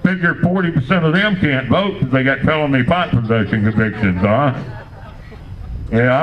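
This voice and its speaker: An older man doing a standup comedy set, telling crude, rambling stories in a deadpan way. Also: medium pitch, lo-fi sound.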